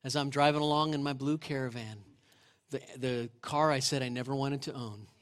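A middle-aged male pastor giving a sermon in a church, retelling scripture as lively storytelling and asking the congregation questions. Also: medium pitch, moderate pace. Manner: conversational, asks the congregation questions. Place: church sanctuary.

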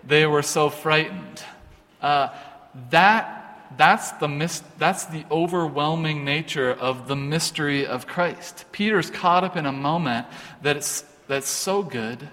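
A man's voice: a little high, takes it slowly, bright, forceful tone. A man pastor giving an informal, earnest sermon, often restarting his sentences. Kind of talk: conversational sermon. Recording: long hall reverb.

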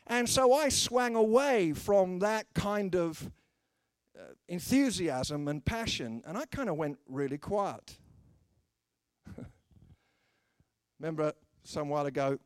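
A British man preaching with a bright, swooping voice that climbs and dips as he slips into the voices of people in his stories. His humor is dry and self-mocking. The sound is close and dry, with no room around it. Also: high-pitched, animated, slow, pauses often, clean tone, no room sound. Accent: British English. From Britain. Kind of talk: humorous sermon with acted anecdotes.

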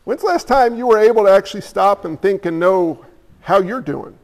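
High, gravelly-voiced preacher in a reverberant hall. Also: male voice, moderate pace, a little mellow. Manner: conversational preaching with rhetorical questions and repetition. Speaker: pastor. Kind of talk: sermon.

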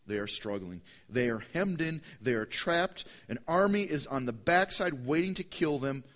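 A man preaching a sermon as pastor, emphatic and repetitive, swinging between loud and hushed delivery. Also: mid-range voice. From United States.

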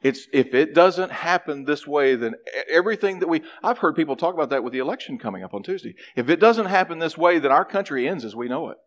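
A man preaching a sermon, animated, acting out a character's complaints in a raised voice. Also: fairly high pitch, quick pace, hardly any pauses, highs cut off. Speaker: pastor.

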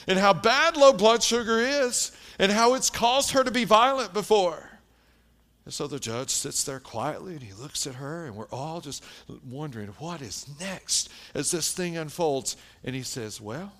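A man preaching a sermon, telling a story with lively shifts between hushed and loud delivery. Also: sits high, normal speed. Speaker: pastor.

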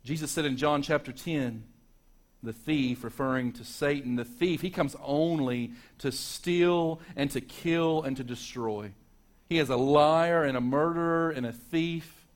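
A male pastor delivering a Sunday morning sermon, rising to loud emphatic peaks and dropping to hushed, quiet passages. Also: on the high side, a little slow. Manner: dynamic preaching, swinging from loud to hushed.

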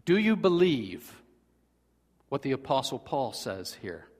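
A man preaching a sermon in earnest, swinging between loud emphasis and hushed, quiet passages. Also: medium pitch, very animated, slow. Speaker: pastor. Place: church sanctuary. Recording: long reverb of a large hall.

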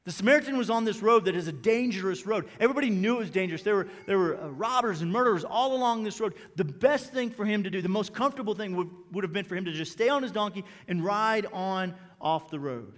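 A pastor delivering a sermon, his voice pitched high for a man. He talks to the room conversationally, repeating his key lines and tossing out questions. The sound carries a long hall reverb. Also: expressive, fast, few pauses.

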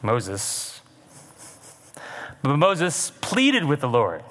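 Pastor preaching in a reverberant hall. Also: male voice, fairly high pitch, expressive, normal speed, fairly bright tone. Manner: conversational preaching, wry asides. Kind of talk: sermon.

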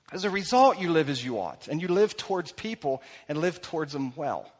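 A man preaches in a church sanctuary, his somewhat high voice carried by a long hall reverb. He talks with animation, acting out the people he quotes and dropping from loud bursts to hushed lines. The delivery is that of a pastor at the pulpit. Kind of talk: sermon.

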